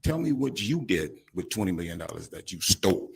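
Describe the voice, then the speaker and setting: A man, crying as he gives an emotional, halting victim statement at a courtroom podium microphone. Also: low voice, very animated, creaky, breathy edge. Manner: emotional, halting, breaks off mid-sentence.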